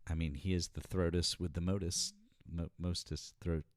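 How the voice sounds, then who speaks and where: A man's voice: sits low, steady tone, normal speed, no echo. A man hosting a casual livestream chat, joking in a dry, easygoing way. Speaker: host.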